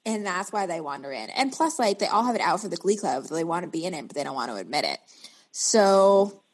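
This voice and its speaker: Husky woman with a lively, swinging voice. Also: lowish voice, fairly quick. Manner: sarcastic, lively, swings her voice widely. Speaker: podcast co-host. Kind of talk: casual chat recapping an episode.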